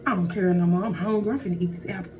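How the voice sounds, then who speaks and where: A woman's voice: fairly low pitch, steady tone, rapid-fire, voice pushed down, natural voice. Woman doing sassy, slangy Eve. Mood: torn. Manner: sassy, loud, slangy comebacks. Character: sassy young woman Eve, defensive and hungry. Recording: dull, distant, faint noise.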